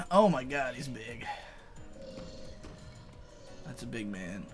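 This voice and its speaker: A man's voice: mid-range voice, very animated, slow, fairly bright tone, faint music behind. Rambling, profane young man gaming. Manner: rambling, profane, laughs often. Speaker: co-host playing a fighting game. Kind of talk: casual chat over gameplay.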